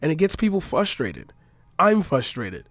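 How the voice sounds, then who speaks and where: Young man, fairly high voice, exasperated vlog rant, swearing, dry sound. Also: big pitch swings, moderate pace, a bit bright, dry recording. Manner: exasperated, profane, sarcastic. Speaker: vlogger. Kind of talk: frustrated opinion rant to camera.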